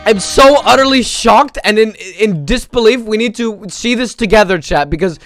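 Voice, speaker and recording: Very high-voiced sarcastic male streamer. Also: moderate pace, fairly bright tone, no room sound. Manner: mock-shocked sarcastic exaggeration; greets chat viewers by name. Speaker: livestreamer. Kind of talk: casual live-stream chat.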